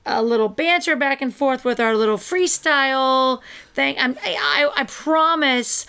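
A woman's voice: high-pitched, measured pace, bright, forceful tone, clean tone. A woman co-hosting a podcast, chatting casually and telling a rambling story with frequent laughter. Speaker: podcast co-host. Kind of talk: casual chat.

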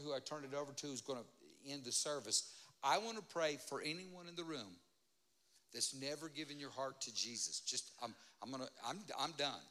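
Bright-voiced man preaching a sermon. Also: fairly high pitch. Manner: pleading preacher, calls for amens, swings loud and soft. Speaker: guest preacher. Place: church.

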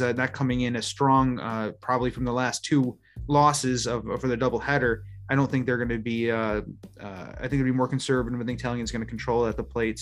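A man co-hosting a sports betting podcast, rambling through his picks in a chatty way with restarts. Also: mid-range voice. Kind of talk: casual chat.

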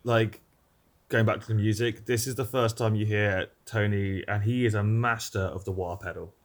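Man, British accent, low voice, enthusiastic, explanatory, casual podcast chat. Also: steady tone, moderate pace. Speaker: podcast co-host.

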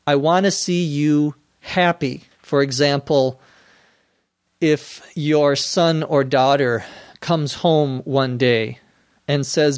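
Slow, deliberate male English teacher. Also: on the high side, steady tone, dry recording. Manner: slow and deliberate, spells words out letter by letter; dry humor. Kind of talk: slow, clear explanatory podcast talk.

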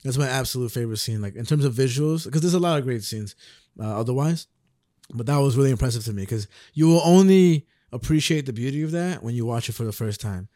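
A man's voice: medium pitch, expressive, fast talker, dark tone, no echo, studio quality. A young man co-hosting a podcast in casual chat, laid-back and rambling, swearing and laughing often. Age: young adult. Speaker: podcast co-host.

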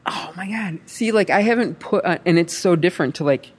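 Brief: a chatty actress, animated and rambling, full of fillers. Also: female voice, on the low side, brisk, breathy edge. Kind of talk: casual chat.

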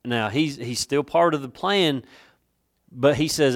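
A male pastor preaches a sermon, breaking into slow, emphatic readings of King James scripture. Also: medium pitch.

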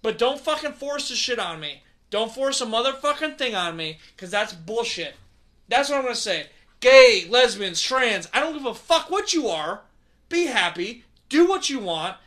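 A man hosting a drinking podcast, ranting loudly and profanely with lots of repetition. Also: very high-pitched, sing-song, moderate pace. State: out of breath. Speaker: podcast host. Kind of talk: drunken podcast rant.

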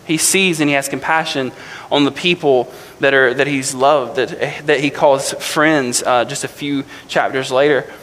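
A man preaching a sermon, reading scripture slowly and deliberately, then explaining it in a casual, self-correcting way. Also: mid-range voice, steady tone, fairly bright tone, in a large hall, slight background noise, poor audio. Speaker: pastor.

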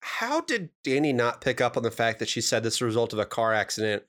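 A man's voice: medium pitch, very animated, quick pace, fairly bright tone. A man co-hosting a podcast, recapping episodes with dry humor and puns. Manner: dry, wry wordplay and explanations. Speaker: podcast co-host. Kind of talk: casual recap chat.

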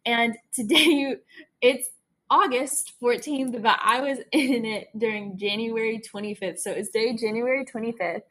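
A woman's voice: a little high, a bit bright. Earnest young woman sharing faith talk. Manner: earnest, confessional, quick to laugh at herself. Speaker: faith podcast host. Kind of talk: candid personal devotional talk.

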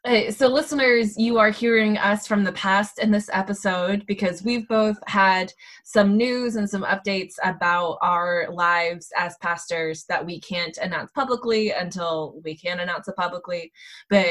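A woman's voice: medium pitch, fairly bright tone. Easygoing woman podcast co-host. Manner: easygoing, laughs often. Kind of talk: casual chat.

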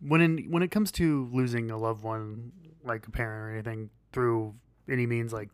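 A man co-hosting a podcast in casual chat, rambling and halting with many fillers and restarts. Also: medium pitch, no room sound. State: losing his voice. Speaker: podcast co-host.

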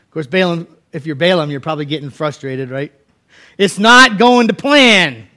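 A man's voice: a little high, animated, moderate pace, sharp tone. A man pastor preaching a sermon, telling a scripture story in a folksy, conversational way and acting out the characters' lines. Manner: storytelling, acting out voices in quotes.

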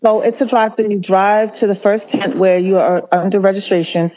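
A male nurse speaking as an interview guest, earnest and impassioned, often halting and restarting mid-sentence. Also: high-pitched, flat delivery, darkish tone, a little hiss or hum. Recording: muffled lo-fi audio.

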